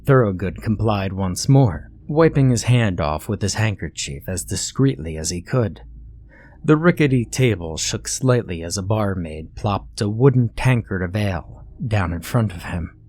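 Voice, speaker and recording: Low-voiced man narrating a horror story. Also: animated, moderate pace, darkish tone.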